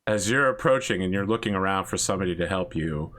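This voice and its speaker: A man narrating as game master, relaxed and chuckling, with frequent fillers. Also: low-pitched, fast.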